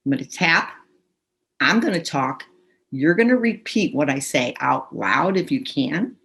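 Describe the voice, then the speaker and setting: A tapping practitioner leads a group session over a video call on her computer mic, giving instructions and phrases for everyone to repeat aloud. Her low voice is expressive, gravelly, a bit bright and breathy, and a little slow.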